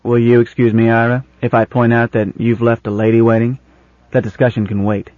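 A man's voice: mid-range voice, little pitch movement, brisk, dry recording, narrow, tinny audio, close to an everyday voice. A man playing a wry, worldly old man. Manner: dry, gently teasing, fatherly.

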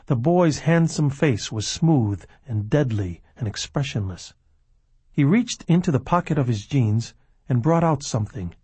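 Husky male audiobook narrator. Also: medium pitch, animated, unhurried, dark tone, no room sound. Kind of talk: scripted narration.

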